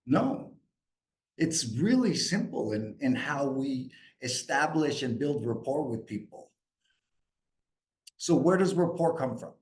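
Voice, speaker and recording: Energetic higher-voiced male sales coach. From New York. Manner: energetic, asks the group questions. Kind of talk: live coaching session with a group.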